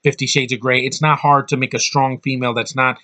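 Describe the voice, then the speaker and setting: A man's voice: medium pitch, flat delivery, fairly quick, bright, forceful tone. A man giving a casual, rambling film review with blunt opinions and lots of restarts.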